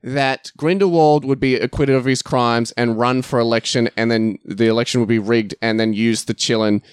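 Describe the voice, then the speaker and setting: A man's voice: mid-range voice, steady tone, normal speed, clear, resonant tone, no room sound, studio quality. A man co-hosting a podcast, giving a blunt, exasperated movie review in casual chat. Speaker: podcast co-host.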